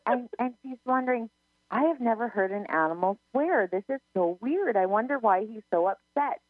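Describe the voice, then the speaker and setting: A woman's voice: fairly high pitch, lively intonation, moderate pace, no room sound, faint music behind. Chatty woman medium on a phone line. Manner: chatty storyteller, many restarts, quotes herself. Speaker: psychic medium, co-host. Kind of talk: casual radio chat. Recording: narrow phone-line sound, dry.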